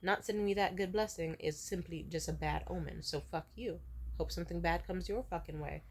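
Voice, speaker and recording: A woman's voice: fairly low pitch, fairly quick, a little mellow, slight background noise. Young woman in her twenties, casual vlog rant, emotional, swears a lot. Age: 20s. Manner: emotional, profane, ranting storyteller. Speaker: vlogger.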